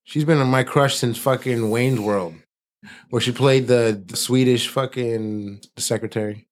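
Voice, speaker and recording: A man's voice: medium pitch, steady tone, unhurried. Blunt, profane man bantering. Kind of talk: crude casual chat.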